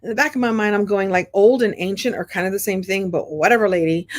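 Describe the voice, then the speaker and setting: A middle-aged woman from Brooklyn tells a story to her online group. She is chatty and animated, with restarts and frequent throat clearing. Her sinuses sound congested. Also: mid-range voice, fast, hardly any pauses. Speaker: host of a coaching program.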